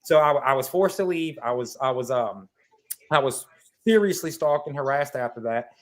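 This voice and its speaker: A man in casual conversation on a remote call, telling a long story in a lively, rambling way, full of fillers and swearing. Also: mid-range voice, moderate pace. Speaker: guest. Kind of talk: casual podcast chat. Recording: video call audio.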